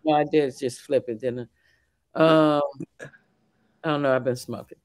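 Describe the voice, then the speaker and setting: A man's voice: medium pitch, fairly even intonation, normal speed, darkish tone. A man in a casual podcast chat, laid-back and talkative, sharing book facts with light laughs. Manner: laid-back, chatty, nerdy asides, laughs often.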